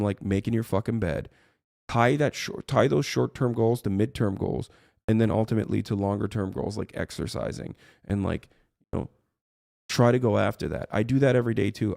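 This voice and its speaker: A man's voice: on the low side, creaky, warm tone, no echo, clean studio sound. A man ranting on his livestream, heated and profane, rambling as he talks to his chat from his streaming room.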